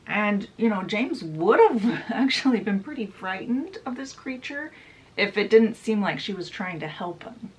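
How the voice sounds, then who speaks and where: A woman's voice: medium pitch, animated, unhurried, poor audio. A woman casually retelling a book's story, chatty and full of fillers. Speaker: book channel host. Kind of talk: casual book summary retelling.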